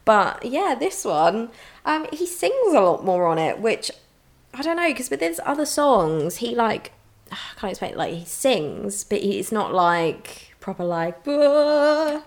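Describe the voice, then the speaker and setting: A woman chats casually as a podcast co-host, full of fillers and offhand swearing. Her voice has a gravelly, fry-laden texture, and a sinus infection is weighing on it. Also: mid-range voice, sing-song, measured pace. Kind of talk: casual chat.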